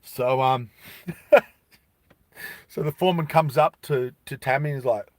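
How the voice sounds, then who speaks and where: An Australian man telling a story on a live stream, animated and laughing often as he talks with viewers. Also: medium pitch, slow, no echo.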